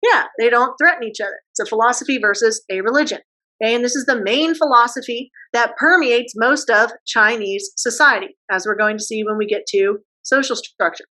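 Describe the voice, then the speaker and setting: Bright-voiced woman history teacher. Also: a little high, a little fast, low-quality recording. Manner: casual, slangy, asks rhetorical questions. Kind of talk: classroom lecture.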